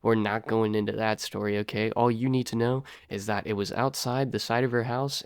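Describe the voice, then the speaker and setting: A man's voice: lowish voice, clear, resonant tone, no echo, clean studio sound. Slangy young man telling a story. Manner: slangy, rambling, fillers like "dude" and "bro"; lively, jumps between loud and quiet. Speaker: vlogger telling a personal story. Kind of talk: casual storytelling to camera.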